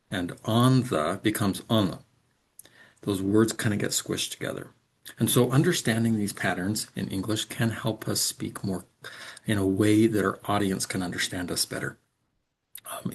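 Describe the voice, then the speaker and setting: A man's voice: fairly low pitch, vocal fry, slightly rough. A man giving a recorded lecture as an instructor, explaining with frequent ums and reading example sentences aloud.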